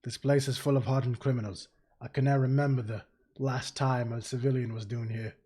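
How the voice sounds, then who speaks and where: A man voicing a gruff, suspicious Scottish male prison governor in a hostile, threatening brogue, reading game dialogue aloud. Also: a little high, fairly quick, a bit bright.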